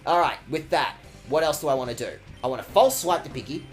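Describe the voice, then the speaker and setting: A man's voice: fairly high pitch, sing-song, fast, soft background music. A man casually commentating his game stream in a playful, rambling way, swearing freely. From Australia.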